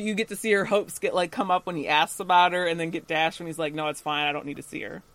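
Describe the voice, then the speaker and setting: Lively, laughing male podcast co-host. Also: fairly high pitch. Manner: animated, laughs often, acts out quoted lines. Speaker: podcast co-host recapping a TV episode. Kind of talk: casual chat.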